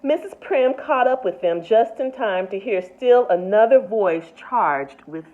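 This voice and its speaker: A woman, a nurse, reading a picture book aloud with expressive delivery and asides to her listeners. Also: on the high side, unhurried, hardly any pauses. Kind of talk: storybook read-aloud. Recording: tinny phone-like sound.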